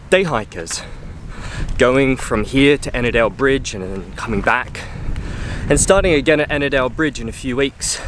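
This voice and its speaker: A man with a mid-range voice records himself hiking a coastal trail, chatting cheerfully with many fillers in a casual travel-vlog style. A bit of hiss or hum runs under the audio.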